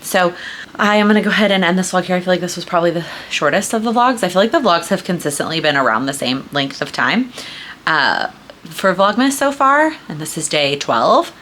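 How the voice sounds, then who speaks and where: Low-voiced chatty young woman vlogging. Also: animated, quick pace, a bit bright, slight background noise. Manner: chatty, filler-heavy, with frequent likes and ums. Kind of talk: casual chat to camera. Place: at home, indoors.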